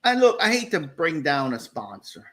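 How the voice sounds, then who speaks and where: A man co-hosting a casual chat show, telling a rant in an animated way and acting out little scenes. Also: on the high side, normal speed. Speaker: co-host.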